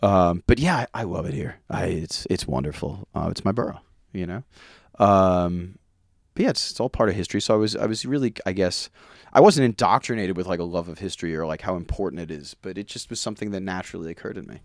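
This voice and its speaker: A man being interviewed, telling rambling family stories in a casual, animated way and laughing often. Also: low-pitched, fast, gravelly, no echo, studio quality. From Long Island, New York. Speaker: guest musician.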